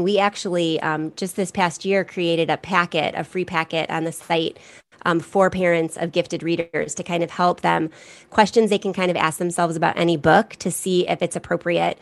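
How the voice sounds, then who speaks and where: A middle-aged woman talks in a lower register, chatty and animated, slipping in quick asides. Her voice is recorded close and dry, with no room sound behind it. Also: no echo. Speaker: guest, gifted education resource creator. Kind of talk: casual podcast conversation.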